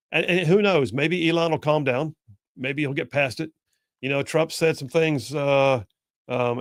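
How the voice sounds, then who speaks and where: A middle-aged man with a drawl and a gravelly, mid-range voice hosts a casual call-in talk radio show, spinning folksy stories punctuated by jokey asides. The studio sound is dry and close, with no echo.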